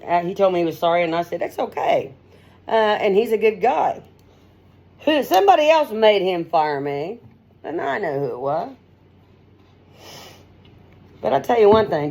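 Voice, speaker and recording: A middle-aged woman talks off the cuff in a casual monologue. She is blunt and outspoken, and she rambles from point to point, calling her listeners honey and man. She speaks at an ordinary pitch into her own device's mic, with no headset. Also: darkish tone. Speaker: host.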